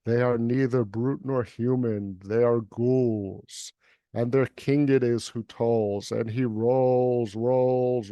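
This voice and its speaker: Over a video call at a livestream event, a male poet delivers an emphatic, rhythmic, dramatic reading, then chats casually about the poem. His mid-range voice is a little mellow and clean on a dry recording.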